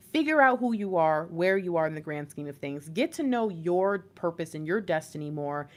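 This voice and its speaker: A woman hosting a live stream as an intuitive reader, giving viewers a blunt, slangy pep talk with bursts of laughter. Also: medium pitch.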